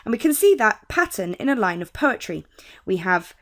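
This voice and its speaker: A young woman with a British accent, tutoring on poetry in a clear, measured way. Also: mid-range voice, very animated. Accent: British English. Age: young adult. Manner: clear, measured teaching with quoted lines read slowly. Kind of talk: explaining poetry terms.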